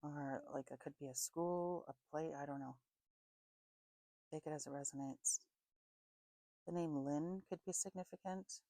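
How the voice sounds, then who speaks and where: A woman with a low, deep voice gives a psychic reading in a musing, unhurried way. She spells out names letter by letter, trails off, and corrects herself. The sound is dry and close, with no room around it. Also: warm tone, no room sound, rough recording. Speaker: psychic reader. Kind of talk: intuitive reading monologue.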